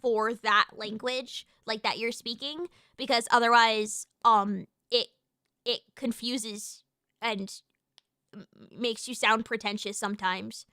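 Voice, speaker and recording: Woman streamer, high and bright, rambling casual chat, dry close mic. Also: slow, no echo. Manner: rambling and animated, with restarts and casual swearing.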